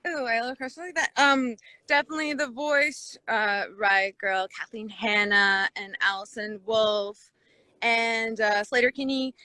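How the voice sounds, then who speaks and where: A woman's voice: on the high side, bright, forceful tone, no room sound. A woman joining a casual livestream as a guest musician, laid-back and laughing as she rambles. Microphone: phone video stream.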